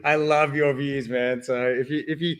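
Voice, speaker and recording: A man's voice: mid-range voice, level tone, normal speed, a bit bright, slight background noise. A man hosting a live stream, talking casually and encouragingly, often calling people "man" and "brother".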